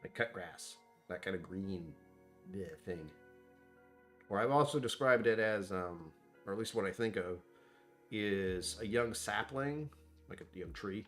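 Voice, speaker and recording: A man's voice: lowish voice, expressive, measured pace, soft background music. A man hosting a casual whiskey tasting vlog, rambling and self-deprecating as he thinks aloud about what he smells and tastes. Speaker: whiskey reviewer.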